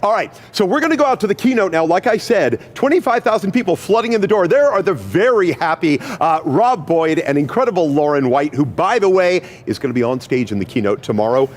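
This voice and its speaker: A man's voice: fairly high pitch, expressive, brisk, hardly any pauses. A man hosting a live event broadcast, upbeat and enthusiastic as he hands off to co-hosts. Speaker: broadcast host.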